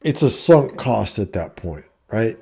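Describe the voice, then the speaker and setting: A man's voice: fairly low pitch, a little slow, vocal fry, slightly rough. Blunt, cursing middle-aged man. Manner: profane, blunt, animated. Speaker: vlogger and coach. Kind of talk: casual storytelling rant.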